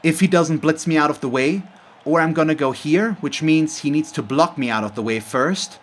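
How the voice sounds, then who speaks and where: Hosting a let's play on his gaming channel, a man narrates his own game in a frustrated, salty manner punctuated by frequent sighs. He speaks at a normal speed with a fairly high pitch.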